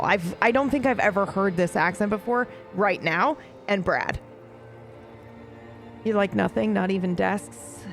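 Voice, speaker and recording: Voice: medium pitch, vocal fry. A streamer chatting casually through a game playthrough, reacting and swearing casually, talking to viewers. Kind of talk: casual let's play commentary. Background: faint game music.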